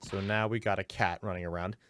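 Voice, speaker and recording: A man's voice: deep voice, steady tone, brisk, a bit bright, dry recording. A man hosting a let's-play, giving rambling, self-deprecating commentary. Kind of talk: casual gameplay commentary.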